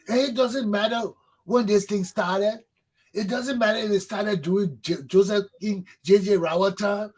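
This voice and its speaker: Guy on his talk show going off, high husky voice, preachy and swearing a lot. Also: normal speed, low-quality recording. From Liberia. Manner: fervent, preaching, repeats for emphasis, swears. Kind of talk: impassioned political monologue.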